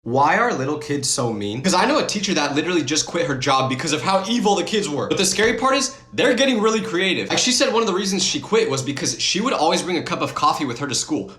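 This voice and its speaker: A man's voice: fairly high pitch, a bit bright, reverberant. A young man telling funny stories as a gaming channel host, emphatic and full of incredulous rhetorical questions. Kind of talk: scripted storytime narration over gameplay.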